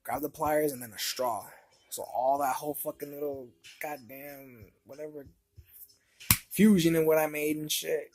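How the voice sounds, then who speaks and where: A man's voice: fairly high pitch, fairly even intonation, normal speed, a little mellow. A man telling a personal story in a casual, profane, slang-heavy way. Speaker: vlogger.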